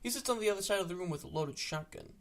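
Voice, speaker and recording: Brief: deadpan storyteller, mid-pitched voice, reads dark internet stories with a straight face and plenty of swearing. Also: rapid-fire, vocal fry. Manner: deadpan, matter-of-fact, casual swearing. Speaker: narrator of internet greentext stories. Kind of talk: reading internet stories aloud.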